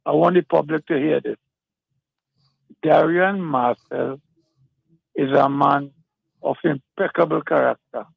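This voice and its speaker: A man's voice: fairly high pitch, unhurried, creaky, long pauses, slightly rough, no echo. A man calling in to a talk show, speaking emphatically and repeating himself, over a muffled phone line. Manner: emphatic, repetitive, insistent. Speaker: caller. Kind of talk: phone-in endorsement.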